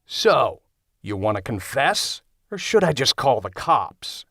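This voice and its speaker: A man's voice: medium pitch, big pitch swings, takes it slowly, sharp tone, no echo, full character voice. A man voicing a blunt, unflappable young coworker in an audiobook, delivering lines in a dry, bored tone. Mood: deadpan. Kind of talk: audiobook character voice. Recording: dry close studio sound.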